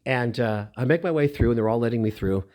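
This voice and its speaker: A middle-aged man telling a personal story in a lively, heartfelt way. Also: medium pitch, fast. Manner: animated, emotional, lively retelling.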